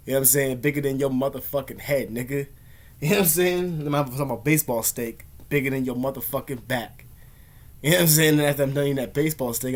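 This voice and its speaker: A man ranting casually to camera in rambling, profane slang. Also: mid-range voice. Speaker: vlogger.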